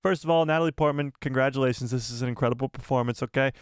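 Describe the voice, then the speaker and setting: A young man hosting a casual live stream, excitable and joking as he talks straight to his chat. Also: mid-range voice, rapid-fire, clean tone, dry recording, clean studio sound.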